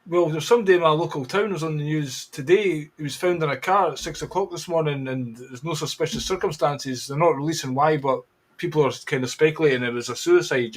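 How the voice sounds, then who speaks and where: A man hosting an interview, talking in a calm, reassuring, conversational way. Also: fairly high pitch, fast. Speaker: host. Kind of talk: casual interview chat.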